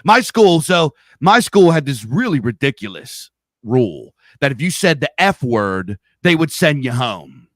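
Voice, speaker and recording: A middle-aged man with a Pennsylvania accent rambles through his stories and swears freely. His voice sits at an everyday pitch. The mic sound is close and dry, with no room around it. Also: sing-song, measured pace, no echo. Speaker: podcast host. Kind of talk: casual chat. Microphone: studio mic on a live stream.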